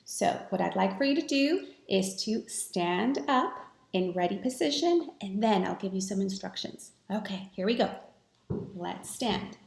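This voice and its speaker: A woman teaching a recorded math lesson to students, talking in a slow, patient, encouraging way. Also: medium pitch, expressive, gravelly. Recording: echoey room.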